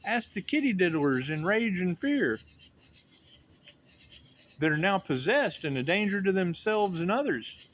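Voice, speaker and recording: A man's voice: sits high, big pitch swings, measured pace, long pauses, fairly bright tone, a little hiss or hum. A man giving a rambling, sardonic and profane monologue as a tarot reader, often repeating himself.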